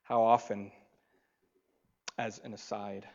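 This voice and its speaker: Slow, dull-sounding man preaching a sermon. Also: medium pitch. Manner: preaches with swings between loud emphasis and soft, quiet asides. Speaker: pastor.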